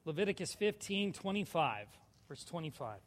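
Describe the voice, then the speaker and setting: A man's voice: a little high, big pitch swings, moderate pace, long reverb tail. A male pastor preaching a sermon, reading scripture aloud with rising intensity and asking his congregation questions. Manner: asks the congregation questions, jokes with them.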